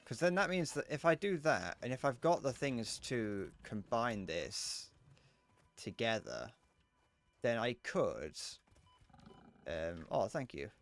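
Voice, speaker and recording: Lively young man streaming games. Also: medium pitch, slow. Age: 20s. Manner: joking, swearing, chatting to viewers. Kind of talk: casual live gameplay chatter.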